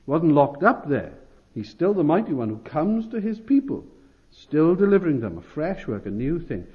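A man's voice: fairly high pitch, very animated, moderate pace, narrow, tinny audio. A man preaching an expository sermon, earnest and emphatic, often repeating phrases and restarting lines.

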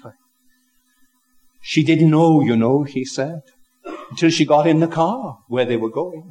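An older man preaching a sermon, slow and reflective, building to emphatic rises. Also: on the high side, mellow, poor audio. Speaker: pastor.

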